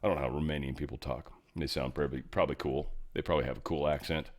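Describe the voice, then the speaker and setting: A man's voice: extremely low pitch, steady tone, fast. A middle-aged man hosting a casual political news commentary show, sarcastic and rambling, swearing freely as he reacts to headlines. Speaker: host.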